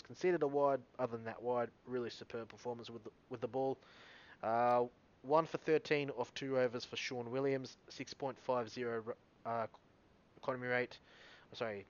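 A man's voice: medium pitch, muffled recording. Man rambling through cricket stats. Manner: rambling, self-correcting, reading out stats. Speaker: cricket video host. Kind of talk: casual solo cricket recap.

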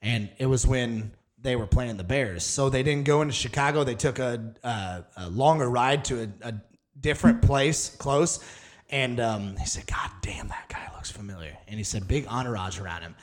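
A man in mid-range pitch chatting on a podcast, spinning loose, profane anecdotes and putting on the voices of the people in them. His talk is loose and unpolished, with plenty of fillers and restarts. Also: moderate pace. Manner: rambling, profane storyteller, acts out quotes. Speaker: podcast co-host. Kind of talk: casual chat, storytelling.

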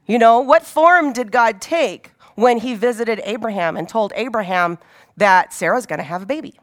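A woman's voice: on the high side, normal speed. A woman giving an informal Bible teaching in a conversational way, often asking her listeners rhetorical questions.

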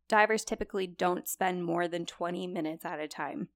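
A woman's voice: on the low side, normal speed, hardly any pauses, no echo. A young woman casually telling a true story on a podcast, chatty and full of likes and you-knows.

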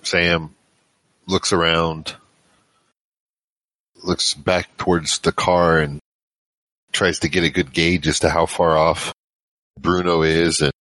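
A man's voice: sits low, flat delivery, no room sound. A man playing a tabletop horror game, earnestly describing his character's actions and calling out in character. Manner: earnest, brisk, calls out loudly in character. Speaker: player.

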